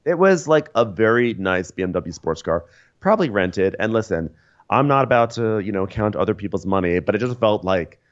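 A man with a very low voice co-hosts a casual podcast, recounting scenes in a wry, meandering way. He pads his sentences with fillers and drily questions what he saw. The recording is a touch dull and lo-fi. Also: animated, moderate pace. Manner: wry, rambling storytelling with many fillers. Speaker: podcast co-host. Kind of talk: casual recap chat.

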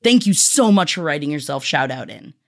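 A woman's voice: low-pitched, sing-song, brisk, vocal fry. Gushing, swearing woman podcast host. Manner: gushing and profane. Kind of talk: casual podcast chat, reading listener shout-outs.

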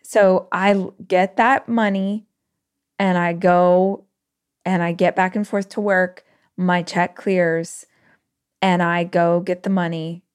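A woman podcast host telling a personal story in an emotional, animated way with quick bursts. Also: lowish voice, clear, resonant tone.

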